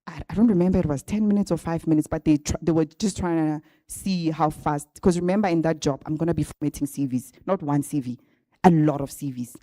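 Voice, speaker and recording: As a guest speaker at a graduate bootcamp, a chatty woman briskly tells her story to a live audience at an event venue, often turning to them with "right?" Her mellow voice sits a little low, picked up close and dry by a handheld or stand microphone with no echo.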